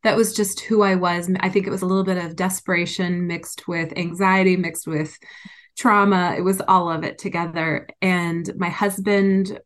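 A woman's voice: on the low side, steady tone, moderate pace. A woman being interviewed, telling a personal story candidly and with emotion. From United States. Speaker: interview guest.

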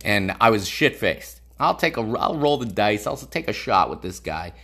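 Male club booker, casual and profane, lively swinging delivery. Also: on the low side, moderate pace. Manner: profane, animated storytelling with acted quotes. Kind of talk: casual storytelling chat.

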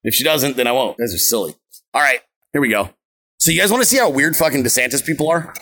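Outdoors on vacation in the wind, a thirtysomething political show host delivers a profane, casual livestream rant, brash and mocking, swearing constantly. He speaks quickly and expressively in a mid-range voice that sounds pushed and bright.

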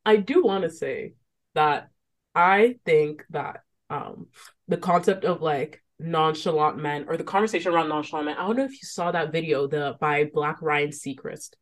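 A woman in her twenties co-hosting a podcast, talking candidly in a casual, animated way. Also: low-pitched, normal speed. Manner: candid, animated, ranting with laughs. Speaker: podcast co-host.

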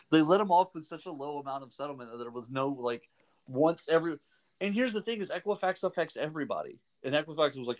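Lively, slightly high-voiced man chatting. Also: brisk. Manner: animated storyteller, laughs often, acts out quotes. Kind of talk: casual chat.

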